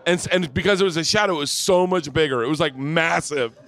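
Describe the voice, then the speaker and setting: Loud rambling man telling stories. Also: on the high side, a little fast. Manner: loud, rambling, swearing, laughing storyteller. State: tipsy. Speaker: podcast host. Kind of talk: live podcast comedy storytelling. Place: brewery stage before a live audience.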